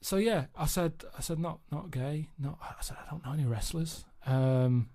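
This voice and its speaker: A man telling a rambling story in a deadpan way, chatting casually in a radio studio. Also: on the high side, normal speed. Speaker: radio show regular.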